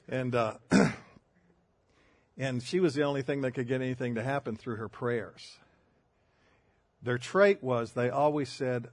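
A man's voice: medium pitch, measured pace, no room sound. An older man preaching a sermon, telling folksy stories with self-deprecating humor. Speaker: pastor.

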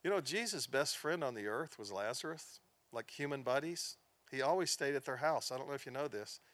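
A man's voice: mid-range voice, lively intonation, fairly quick, fairly bright tone, no room sound. Earnest male pastor telling stories. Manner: earnest storytelling, drops to near-whispers in sad moments, rises in emphasis. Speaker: pastor teaching a class. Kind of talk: sermon-style teaching.

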